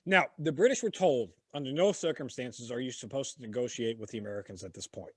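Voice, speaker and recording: A man co-hosting a casual history podcast, telling the story in an animated, profane way with sudden shouted bits. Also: mid-range voice, quick pace, husky, no room sound. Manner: animated, swearing, jumps into shouted impressions. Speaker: podcast co-host.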